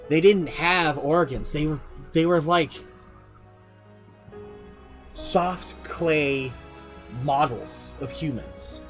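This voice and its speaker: Guy streaming, retelling his dnd campaign, rambly and jokey, kinda high voice, faint music behind. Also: very slow, long pauses. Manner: rambling, self-deprecating storyteller. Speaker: streamer and game master. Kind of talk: casual narration of a tabletop campaign.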